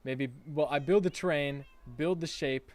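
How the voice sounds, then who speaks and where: A man chatting casually while livestreaming a building game, rambling and halting with lots of fillers and repeated words. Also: fairly high pitch, darkish tone, dry recording. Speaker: Minecraft streamer.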